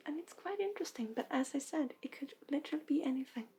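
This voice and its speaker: Brisk and barely pausing, a woman with a high voice edged by gravelly vocal fry hosts a livestream of intuitive readings and healing as a reader and healer. She speaks softly and gently, often dropping to a half-whisper, with faint music underneath.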